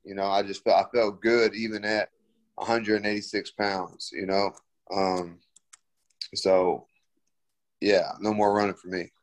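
A man's voice: fairly low pitch, little pitch movement, measured pace, long pauses. A young man, a fighter, answering interview questions in a laid-back, slangy way full of fillers.

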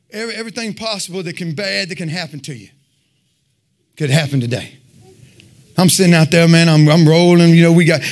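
A man giving a fervent sermon and personal testimony, telling his story in an animated way and peppering it with "man.". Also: on the high side. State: sweating, winded after worship. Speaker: lay preacher giving testimony.

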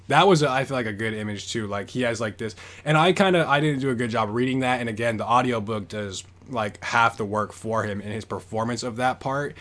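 Talking fairly quickly with hardly any pauses, this podcast host has a medium-pitched, fairly bright voice. He rambles casually through a story for a book discussion, with plenty of "like" fillers.

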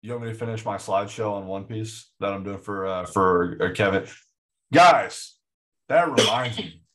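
A man co-hosting a movie podcast in casual chat, excitable and rambling with frequent restarts. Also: lowish voice, normal speed. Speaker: podcast co-host.

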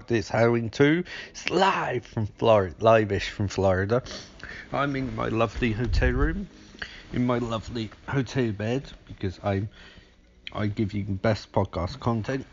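A man's voice: mid-range voice, normal speed, dull audio, a little hiss or hum. A man hosting a comic podcast, rambling and profane, speaking from bed in a hotel room. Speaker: podcast host. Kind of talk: comic film recap.

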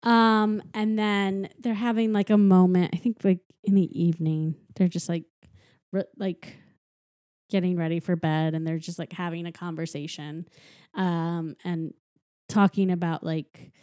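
A woman chatting casually and giggling as she retells a film plot, slipping into quick impressions of its characters. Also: lowish voice, no room sound. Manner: giggly, animated retelling with acted quotes. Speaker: podcast co-host recapping a film. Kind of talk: casual chat.

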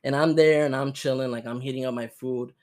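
A man's voice: mid-range voice, fairly even intonation, brisk, darkish tone. A young man hosting a casual podcast, telling stories animatedly and mimicking the people he quotes. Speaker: podcast host. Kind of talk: casual chat, storytelling.

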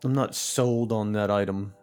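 A man's voice: fairly low pitch, fairly even intonation, moderate pace, a little mellow. A man who is a guest on a podcast, answering hesitantly and hedging. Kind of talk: casual chat.

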